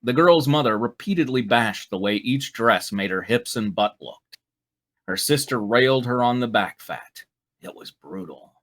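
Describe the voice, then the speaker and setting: A man's voice: medium pitch, lively intonation, moderate pace, a bit bright. A man hosting and narrating a live fan fiction read-through in a playful, joking manner. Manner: playful, breaks to laugh and comment. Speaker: narrator and show host.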